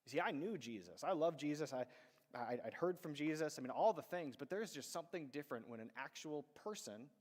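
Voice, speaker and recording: A man's voice: a little high, animated, brisk, a little mellow, big-room sound. A man preaching a sermon in a conversational storytelling manner, acting out the voices of people in his stories. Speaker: pastor. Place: church sanctuary.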